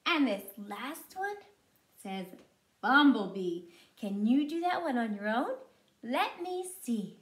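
A woman teaching preschoolers in a slow, sing-song and encouraging way, sounding out words syllable by syllable. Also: a little high, sing-song, echoey room. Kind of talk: teaching young children.

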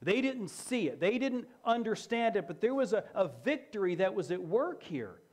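A man's voice: sits high, very animated, normal speed, darkish tone. A man preaching a sermon as pastor, emphatic and repeating key phrases for effect.

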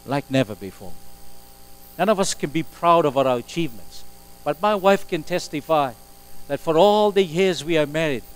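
A male pastor delivering a sermon in a church sanctuary, captured on a live stream. His voice sits a little high for a man, and he preaches emphatically, swinging from loud exclamations to quiet asides. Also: poor audio. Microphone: live stream recording.

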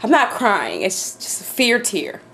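A woman's voice: medium pitch, huge pitch swings, unhurried, gravelly, bright, forceful tone, slight background noise. A woman vlogging to camera from her home office, swearing, laughing nervously and shrieking in fear. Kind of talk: casual vlog to camera.

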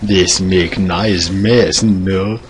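A man putting on an odd foreign-sounding character voice with slow, broken, theatrical phrasing. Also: sits low, steady tone, a little hiss or hum. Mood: playful.

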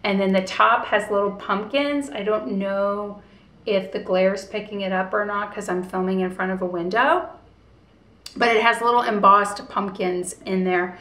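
A woman's voice: mid-range voice, fairly even intonation, normal speed, fairly bright tone. Chatty woman vlogging in an echoey room. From United States. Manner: chatty and storytelling, acts out quoted dialogue. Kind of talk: casual vlog chat. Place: indoors at home in front of a window.

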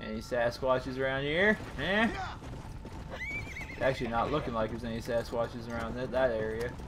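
A young man giving casual, jokey let's-play commentary, bursting into excited shouts, with his voice over the game audio. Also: medium pitch, normal speed, background noise. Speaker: gaming commentator. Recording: voice over loud game sounds. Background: game sounds, horse hooves.

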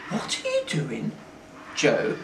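A man reading aloud, voicing a bold, friendly thirteen-year-old girl in a lighter, higher voice. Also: slow pace, close to an everyday voice. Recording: roomy, distant mic, faint hiss.

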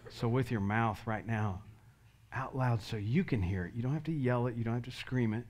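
A man's voice: medium pitch, moderate pace, a little mellow. A male pastor giving an earnest sermon altar call, leading the congregation in prayer line by line. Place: church sanctuary.

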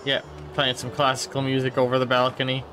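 A man's voice: medium pitch, completely flat delivery, brisk, fairly bright tone, faint music behind. A man giving casual, playful commentary over a video game, muttering to himself and now and then putting on silly voices. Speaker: gameplay streamer. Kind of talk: casual let's-play commentary.

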